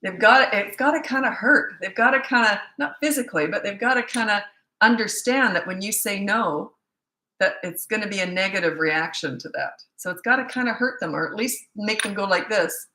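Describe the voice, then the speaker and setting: Fast-talking older woman, echoey room. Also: medium pitch, sharp tone. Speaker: parenting coach. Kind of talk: live-stream Q&A.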